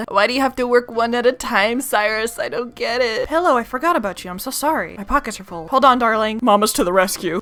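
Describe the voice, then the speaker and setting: A woman's voice: fairly high pitch, pushed and bright. A young woman chatting playfully through a gameplay voice-over, talking to the game's characters as she plays. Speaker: gaming YouTuber. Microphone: home voice-over mic.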